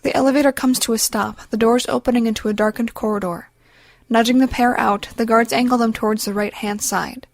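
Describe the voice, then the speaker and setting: A woman's voice: a little high, gravelly, no echo. Woman narrating an audiobook. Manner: measured, even storytelling.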